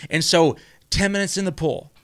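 A man's voice: high-pitched, normal speed. A man in casual conversation, telling a long story with many restarts and frequent "right?" tags.

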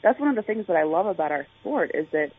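A woman's voice: lowish voice, sing-song, fast, breathy edge. Chatty woman athlete on a phone line. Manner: chatty, with frequent fillers and restarts. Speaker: Olympic track and field athlete. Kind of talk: phone interview.

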